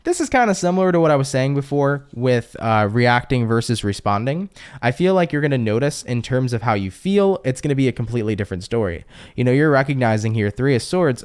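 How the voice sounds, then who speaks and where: A man's voice: mid-range voice, expressive, brisk, smooth. Chatty, reassuring young man reading tarot. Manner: chatty, reassuring, lots of fillers and rhetorical questions. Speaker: tarot reader. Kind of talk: casual tarot reading to camera.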